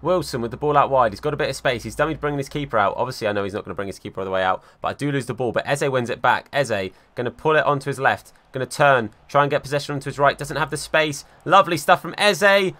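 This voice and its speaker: A young man giving live commentary over his football video game, swinging from calm play-by-play to exasperated outbursts. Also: mid-range voice, fast talker, few pauses. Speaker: gaming YouTuber.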